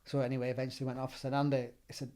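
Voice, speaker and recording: A middle-aged man with a Northern English accent, telling stories in a relaxed chat as a gym owner and trainer, acting out the lines he quotes. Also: medium pitch, rapid-fire. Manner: animated, acts out quoted dialogue. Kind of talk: casual storytelling.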